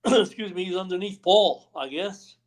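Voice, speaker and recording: A man's voice: high voice, unhurried. A man, a retired wrestler, telling rambling backstage stories on a live stream interview, acting out what others said. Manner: rambling anecdotes, acts out quotes, many "you know what I mean". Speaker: retired pro wrestler, guest. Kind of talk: storytelling interview. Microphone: remote live stream call.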